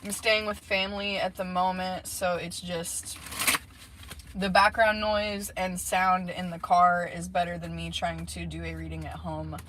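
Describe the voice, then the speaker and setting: Sitting in a parked car, a tarot reader rambles casually through a reading with lots of fillers and side comments. Her voice is lowish, fairly flat in pitch, and unhurried, with faint background noise behind it.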